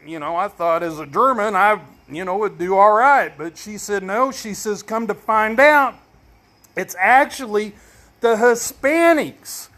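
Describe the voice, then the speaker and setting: A middle-aged man spins a long joke like a personal anecdote, rambling and folksy with plenty of "uh" and "you know." His voice sits high for a man and rings bright and forward. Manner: rambling, folksy, lots of fillers. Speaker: storyteller. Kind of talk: casual joke telling.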